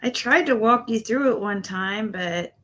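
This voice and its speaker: A woman's voice: medium pitch, a little slow, fairly bright tone. A woman hosting a casual livestream, greeting viewers and talking in a rambling way, often trailing off and restarting her sentences. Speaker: livestream host.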